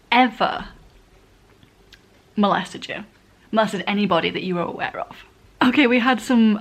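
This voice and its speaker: A woman's voice: on the low side, fairly bright tone. Young woman, manga vlogger, heated rambling reactions with swearing. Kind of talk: casual reading reaction.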